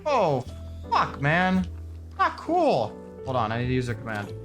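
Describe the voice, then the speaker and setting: A young man narrating his survival game run and reacting excitedly and sarcastically, swearing often. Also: medium pitch, moderate pace, faint music behind. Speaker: gaming video creator. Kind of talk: game commentary with scripted narration.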